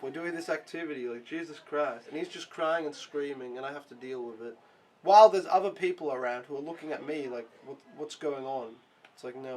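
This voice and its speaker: A man's voice: a little high, a little hiss or hum. A young man recapping his week in a casual vlog, rambling and frustrated, swearing often and filling gaps with "like". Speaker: au pair vlogger.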